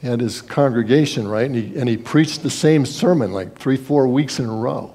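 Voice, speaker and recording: A man's voice: mid-range voice, moderate pace, warm tone. A man preaching a sermon as pastor, in a conversational style, acting out quoted voices and sometimes repeating words.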